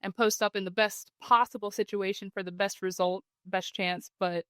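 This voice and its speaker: A woman, a podcast guest telling a hunting story in a casual, animated way. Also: medium pitch, normal speed, dry recording.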